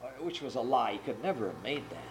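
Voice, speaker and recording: A man preaching a sermon and retelling a parable with earnest, animated storytelling. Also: medium pitch, fast, creaky, noisy background.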